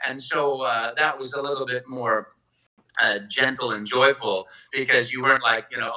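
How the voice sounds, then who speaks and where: A man's voice: mid-range voice, steady tone, normal speed, bright, forceful tone, poor audio. A man being interviewed as a voice actor guest on a live-streamed convention Q&A, telling stories effusively with many restarts, talking into a propped-up phone at home. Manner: effusive, enthusiastic storytelling with rambling restarts.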